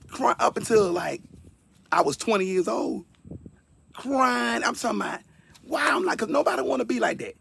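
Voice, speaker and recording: A man's voice: high-pitched, expressive, moderate pace, gravelly, pauses often, pushed and bright, slight background noise. A man in his fifties giving a personal testimony in an earnest, conversational way, often repeating words for emphasis. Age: 50s. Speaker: speaker sharing a personal testimony.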